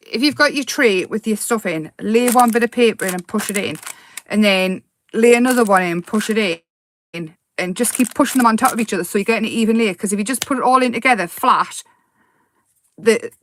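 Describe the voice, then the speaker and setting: A woman hosting a chatty crafting tutorial, rambling and giggling and easily excited as she explains her steps. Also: on the high side.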